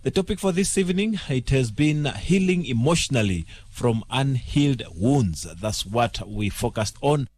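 A man hosting a late-night radio talk show, speaking haltingly with lots of fillers and repeated words. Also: medium pitch, expressive, a little mellow, slightly rough, no echo. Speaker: radio host.

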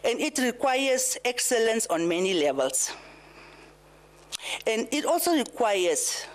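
A woman's voice: fairly high pitch, very animated, slow. A woman from Namibia whose English carries an Afrikaans and Herero accent, giving a formal farewell speech as head of a pageant organization. She stresses points by repeating phrases and laughs at her own jokes. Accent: Namibian English with Afrikaans and Herero influence. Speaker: pageant organization chief executive. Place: event venue before a live audience.

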